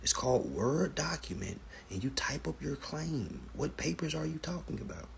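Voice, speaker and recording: A man's voice: fairly high pitch, moderate pace, vocal fry, a little hiss or hum. A man hosting a live stream, telling stories and giving advice in a casual, profane manner, often calling his viewers family. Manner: animated, profane storytelling, addresses viewers as family.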